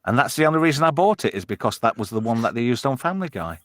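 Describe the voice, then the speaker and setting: A slightly drunk man hosts a casual show, rambling between topics and swearing freely. His pitch swings about a lot. The sound is dry and close. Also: very animated, racing, fairly bright tone, dry recording. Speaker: show host reading chat. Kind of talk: casual chat.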